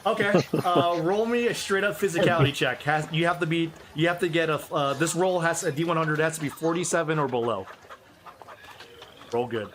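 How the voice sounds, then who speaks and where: A man narrating as game master of a tabletop game, relaxed and halting, with many fillers. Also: fairly high pitch, a crowd in the background.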